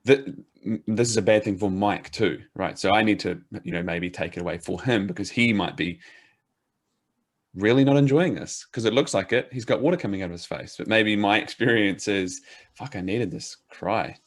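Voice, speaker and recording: A man with a fairly low voice hosts a podcast as a men's coach. He talks in a relaxed, casual way, backing his guest with short murmurs and swearing now and then. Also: a little fast.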